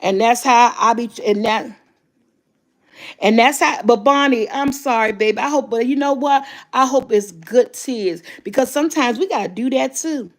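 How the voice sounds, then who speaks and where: Vlogger, woman in her fifties, fairly high voice; candid, emphatic motivational chat with plenty of swearing. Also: moderate pace. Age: 50s. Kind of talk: casual motivational talk.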